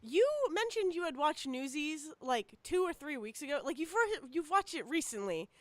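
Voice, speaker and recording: A woman's voice: high voice, sing-song, moderate pace, no echo. A woman co-hosting a podcast in casual chat, chatty and laughing, with lots of fillers. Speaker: podcast co-host.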